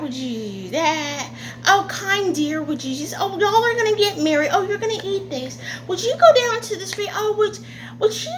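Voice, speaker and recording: A woman's voice: very high-pitched, noisy background, voice pushed up, heavily acted. A woman voicing a sugary, condescending woman who sweetly orders a servant around in a sing-song tone.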